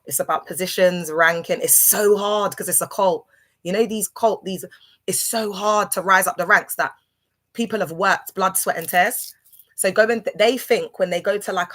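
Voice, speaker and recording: Here a livestream host from London rambles through a casual personal anecdote, stopping and restarting with plenty of filler words. She has a lowish voice with a slightly bright tone.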